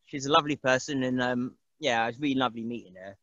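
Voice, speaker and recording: A man's voice: mid-range voice, fairly even intonation, fast, sharp tone, no room sound, muffled recording. A man, chatting casually as an interview guest, rambling and laughing often and mimicking other people's voices. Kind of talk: casual chat.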